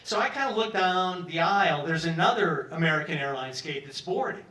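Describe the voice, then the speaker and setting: Talking fairly quickly in a slightly high voice, a sixty-something man from Peoria, Illinois, US, performs a long personal story live on a pub stage. He's animated and profane, voicing other people's lines, and the recording is roomy and from some distance.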